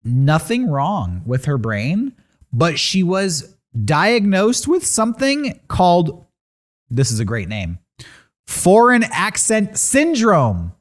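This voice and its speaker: A man's voice: sits high, slow. A man co-hosting a casual podcast, telling odd news stories with sarcastic asides. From San Diego area. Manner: animated storytelling with sarcastic asides. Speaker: podcast co-host.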